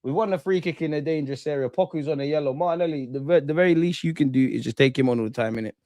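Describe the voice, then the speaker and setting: Guy live streaming a footy match, excitable, swears a lot, talks to chat, dry close mic. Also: fairly high pitch, racing, dry recording. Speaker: football watchalong host.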